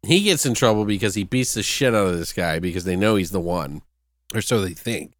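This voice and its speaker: A deep-voiced podcast co-host talks loosely about a film, retelling and acting out its scenes with casual swearing in a casual movie review chat. He speaks expressively and fairly quickly, on a dry, clean studio recording.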